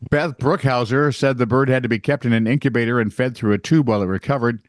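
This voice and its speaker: A man's voice: medium pitch, fairly even intonation, quick pace, dry recording, studio quality. A man co-hosting a comedic news podcast, reading stories and cracking teasing jokes in casual banter. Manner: wisecracking, teasing. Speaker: podcast co-host, news reader.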